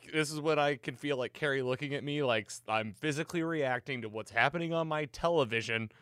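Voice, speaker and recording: An excited man hosts a casual podcast and retells a TV episode with lively storytelling. His voice sits at a middle pitch and is recorded close and dry, with almost no room sound. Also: fairly quick, hardly any pauses, smooth, no room sound, a faint crowd. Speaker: podcast host recapping a TV episode.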